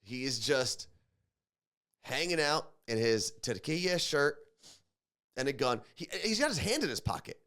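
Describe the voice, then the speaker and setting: A man's voice: medium pitch, very animated, a little slow, pauses often, a bit bright. A man co-hosting a morning show, chatting casually and with strong opinions, often repeating words as he thinks. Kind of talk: casual radio show banter.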